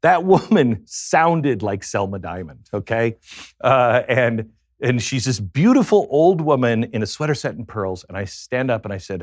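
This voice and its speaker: A man's voice: medium pitch, expressive, moderate pace, no echo, studio quality. A man, a guest on a talk show, tells a personal story in a reflective way that halts on many fillers.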